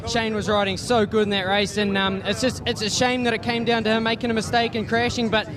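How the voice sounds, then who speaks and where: High-voiced rider with crowd around. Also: male voice, little pitch movement, fairly quick. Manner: humble, lots of "you know". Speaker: championship-winning rider. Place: outdoor motorsport circuit. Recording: echoey outdoor crowd.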